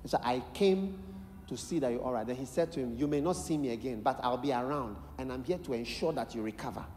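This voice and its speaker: A man with a Ghanaian English accent preaching a sermon, telling a story with lively acted-out voices and bursts of shouted prayer. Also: mid-range voice, quick pace, slight background noise. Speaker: bishop preaching. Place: large church hall. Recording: echoey large hall, live sermon.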